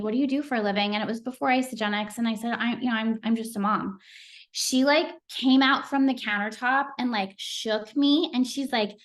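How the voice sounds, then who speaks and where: A middle-aged woman giving a motivational talk on a team call, earnest and chatty, with plenty of "like" and "um" fillers. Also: on the high side. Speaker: team leader speaking on a sales call.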